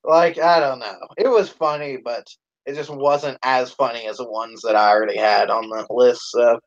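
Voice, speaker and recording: A man co-hosting a live stream in casual chat, swearing a lot, laughing and shouting out quoted lines. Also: medium pitch, fairly even intonation, moderate pace, lo-fi sound. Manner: profane, laughing, acts out quoted lines loudly.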